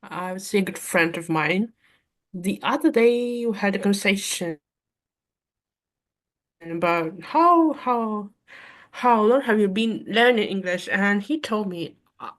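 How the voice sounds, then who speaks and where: A woman with a mid-pitched voice joins a casual online chat. She talks hesitantly and often restarts her sentences. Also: expressive, unhurried, long pauses. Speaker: chat participant.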